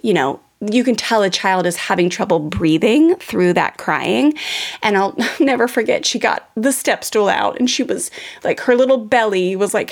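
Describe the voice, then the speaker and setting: A woman in her thirties, a parenting podcast host, candidly telling a personal story to her listeners, full of casual fillers. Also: medium pitch. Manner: candid, confessional, frequent "like" fillers.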